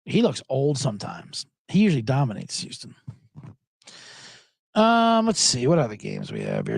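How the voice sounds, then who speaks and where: A man's voice: mid-range voice, wildly swooping pitch, moderate pace, gravelly, pauses often, breathy edge, dry recording, clean studio sound. A man hosting a sports betting podcast, rambling and joking profanely in a casual monologue. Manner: profane, joking, rambling, breaks into mock impressions.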